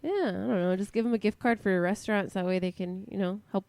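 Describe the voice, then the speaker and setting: A woman co-hosting a podcast in casual chat, sounding stuffy and nasal from a cold, chatty and quick to laugh. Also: mid-range voice, darkish tone, no echo. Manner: chatty, laughs easily, many restarts. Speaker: podcast co-host.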